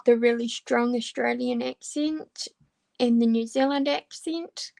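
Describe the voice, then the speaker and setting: A woman's voice: on the high side, fairly even intonation, takes it slowly, vocal fry, darkish tone. A woman chatting casually with viewers while crafting, hesitant and full of ums as she answers them. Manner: hesitant, many ums and restarts. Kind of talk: casual chat while diamond painting.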